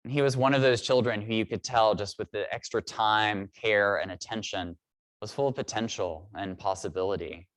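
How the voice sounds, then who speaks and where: A man in his thirties preaching a sermon in a church, telling a reflective story at a measured pace with pauses. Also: fairly low pitch, no room sound. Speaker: priest.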